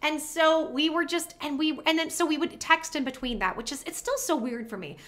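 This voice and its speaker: A woman's voice: high-pitched, fairly quick, a bit bright. A woman vlogger at her home setup, telling a personal story to the camera in a chatty, rambling, self-deprecating way.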